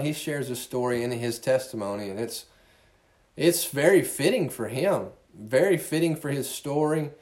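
A man's voice: mid-range voice, a little mellow. A male pastor giving a conversational sermon, earnest and often repeating words as he restarts his sentences.

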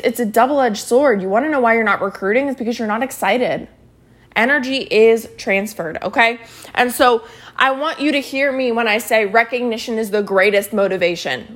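A woman hosting a motivational podcast, talking energetically and often tagging her points with "right?". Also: a little high. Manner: energetic, repeats phrases, says y'all and right. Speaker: podcast host and team leader. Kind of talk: motivational solo podcast talk.

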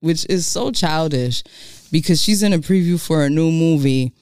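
A podcast co-host in casual chat, telling stories with animated delivery and free swearing. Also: mid-range voice, normal speed, clear, resonant tone, no echo, studio quality. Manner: animated storyteller, swears freely.

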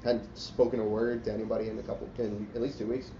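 Talking fast with a lowish voice and flat delivery, a man spins a long, profane, rambling story, poking fun at himself and filling it with "like". The sound is roomy, dull and lo-fi with a faint hiss.

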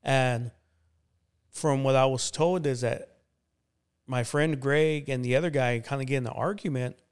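In a smooth, mid-range voice that runs a little slow, a pastor telling his life story as an interview guest keeps things relaxed and conversational. He uses plenty of fillers like "you know."

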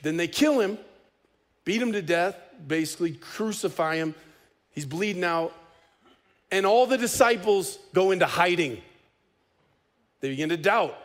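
A man preaching a sermon as pastor, conversational and animated, with casual humor. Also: high-pitched, unhurried, pauses often.

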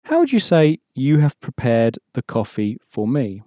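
A man's voice: medium pitch, huge pitch swings, a little slow, mellow, no echo, clean studio sound. A man teaching an audio language course, patiently explaining and prompting the learner to answer.

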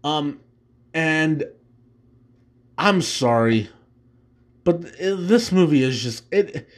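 A man's voice: a little high, lively intonation, very slow. A man hosting a casual solo show, ranking films in a rambling way with restarts and easy laughs. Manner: rambling, many fillers and restarts, laughs easily. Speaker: host.

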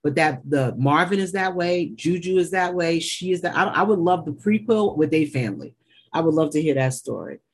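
A woman's voice: low-pitched, lively intonation, normal speed. A woman co-hosting a casual TV recap, blunt, opinionated and swearing freely. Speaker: podcast co-host.

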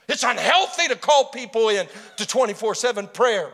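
A man preaching a sermon, swinging from hushed, intimate passages to loud, shouted exclamations. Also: very high voice, lively intonation, normal speed, vocal fry, hardly any pauses, in a large hall.

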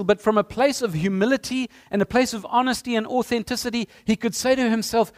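A man's voice: extremely high pitch, brisk, few pauses. A man preaching a sermon as pastor, emphatic and repeating phrases for effect.

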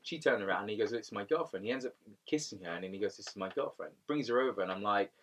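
A man's voice: on the low side, fast, distant mic. A man co-hosting a casual podcast, animatedly telling a story and acting out what people said. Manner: animated storyteller, acts out quotes. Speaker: podcast co-host.

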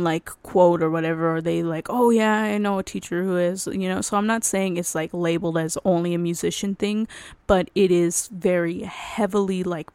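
Rambling young woman podcaster, low voice. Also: a little mellow, no room sound. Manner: rambling, self-interrupting, laughs often. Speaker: podcast host. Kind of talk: casual solo podcast chat.

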